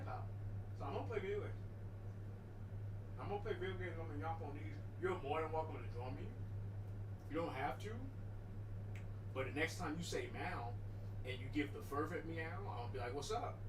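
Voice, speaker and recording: A man on a casual stream with a slightly high voice, rambling and swearing his way through a one-sided chat with his cat. He keeps cutting himself off mid-sentence to start over. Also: moderate pace, pauses often, noisy background. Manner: frequent self-interruptions and restarts. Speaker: livestreamer.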